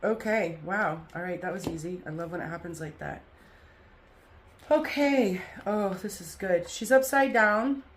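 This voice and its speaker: A woman's voice: on the low side, a little slow, slight background noise. A woman hosting a spiritual group talk and card reading, speaking in an effusive way with chant-like repetition.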